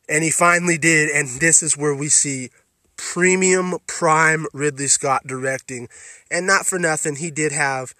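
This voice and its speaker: A man's voice: on the high side, bright, forceful tone, no echo, studio quality. A man hosting a podcast, giving a blunt film review full of profanity and emphatic restarts. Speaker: podcast host reviewing films.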